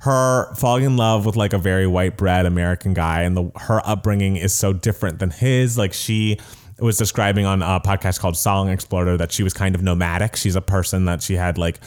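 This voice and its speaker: A man's voice: low voice, fairly even intonation, smooth. A man co-hosting a casual podcast, chatty and giggly, gushing about things he loves. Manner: chatty, giggly, quick to gush. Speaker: podcast co-host. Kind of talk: casual chat.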